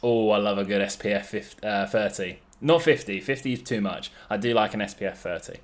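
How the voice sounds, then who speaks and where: A man's voice: on the low side, fairly quick. A young man, a guest on a casual podcast, joking and self-mocking as he talks.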